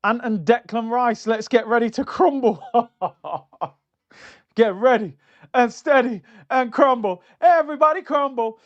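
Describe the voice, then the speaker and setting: A middle-aged man rants through viewer comments on a football live stream, mocking and animated. His voice sits high for a man. The streaming mic sounds a little dull and lo-fi. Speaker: football fan channel host reading viewer comments. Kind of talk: casual live-stream rant.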